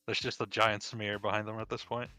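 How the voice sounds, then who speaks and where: Bright-toned low man playing a tabletop game. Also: flat delivery, brisk, dry recording, soft background music. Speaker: player.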